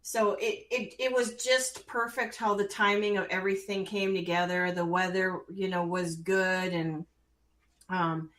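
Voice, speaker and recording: A woman co-hosting a casual chat, speaking haltingly with pauses and laughing easily. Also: medium pitch, fairly even intonation, fairly bright tone. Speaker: co-host.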